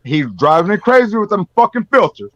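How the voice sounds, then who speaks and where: A man from North Dakota in a casual chat, talking loudly and excitably with heavy swearing. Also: sits high, normal speed, lo-fi sound.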